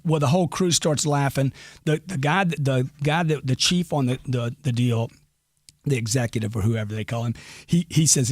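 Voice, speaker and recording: A middle-aged man giving a brash, emphatic, crude motivational talk as an interview guest. His voice sits a bit high. The sound is close and dry. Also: expressive, moderate pace, no room sound. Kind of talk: podcast interview.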